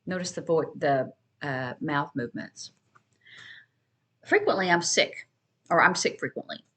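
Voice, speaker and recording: A woman teaching sign language, explaining in a casual, conversational way with pauses and restarts. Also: low voice, expressive, fairly bright tone. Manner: conversational, with fillers and restarts, shifting between quick and slow. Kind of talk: casual instructional talk.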